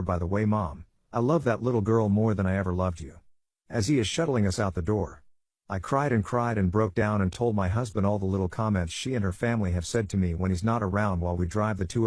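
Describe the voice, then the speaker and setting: A man narrating a bedtime story with a steady, even storytelling delivery. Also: fairly low pitch, no echo.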